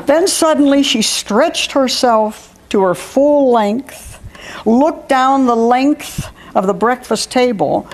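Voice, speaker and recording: Woman author reading her own story, wry and amused; slightly high voice, faint background hiss. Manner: wry, warm humor with frequent laughter.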